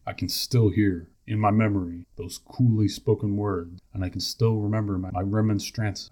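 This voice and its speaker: Grave low-voiced male narrator. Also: mellow. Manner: measured, grave storytelling. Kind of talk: scripted dramatic narration.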